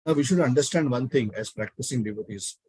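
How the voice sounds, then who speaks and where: Animated male devotional storyteller. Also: medium pitch, fast, slightly rough, no room sound, poor audio. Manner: animated, acts out the characters. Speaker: spiritual speaker.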